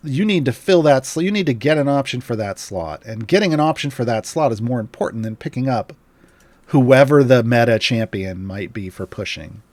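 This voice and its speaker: A man's voice: mid-range voice, darkish tone, no room sound. Chatty man streaming, dry close sound. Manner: chatty, rambling with fillers and restarts. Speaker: game guide streamer. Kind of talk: casual livestream chat.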